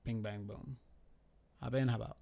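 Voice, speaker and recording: A man's voice: mid-range voice, steady tone, measured pace, gravelly, warm tone. A young man talking through his trades in a casual, rambling recap, swearing often and criticizing himself as he thinks aloud.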